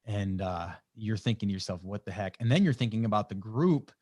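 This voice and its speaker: A man's voice: on the low side, expressive, brisk, darkish tone, no room sound, studio quality. A man hosting a podcast interview, talking casually and reacting with sympathy. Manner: sympathetic, encouraging listener. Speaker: podcast host.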